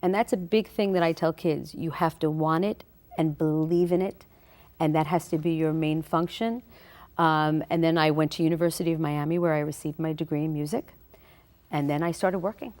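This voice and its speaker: A woman's voice: low-pitched, steady tone, moderate pace, darkish tone. A middle-aged woman, a talent manager chatting in an interview and telling stories about her career. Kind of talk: conversational interview.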